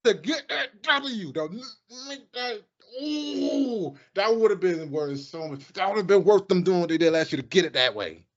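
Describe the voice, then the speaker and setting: A man co-hosting a casual sports podcast, animated and profane, often jumping into high mocking voices. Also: normal speed, hardly any pauses, dull audio. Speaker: podcast co-host.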